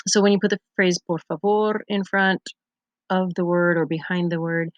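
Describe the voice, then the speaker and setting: Teacher lady walking through spanish grammar slides, lowish voice, dry close sound. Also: steady tone, normal speed, no room sound, lo-fi sound. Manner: patient, methodical explaining with examples. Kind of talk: recorded lesson explaining slides.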